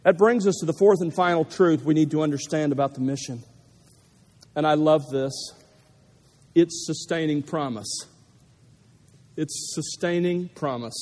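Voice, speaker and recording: A man's voice: on the high side, measured pace, long pauses, a little mellow. A man preaching a sermon to a gathering, speaking emphatically and leaning hard on repeated key phrases. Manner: emphatic, building to stressed repetitions. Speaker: pastor. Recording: long reverb of a large hall.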